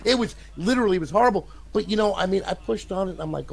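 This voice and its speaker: Older guy, raspy gravelly voice, kinda high, rambles and repeats himself, swears a lot. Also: animated, rapid-fire. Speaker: console modder guest. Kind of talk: casual storytelling interview.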